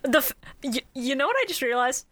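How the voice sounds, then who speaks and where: A woman's voice: sits high, big pitch swings, brisk, fairly bright tone, no echo. A woman co-hosting a casual podcast chat, often exasperated, swearing and laughing. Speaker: podcast co-host.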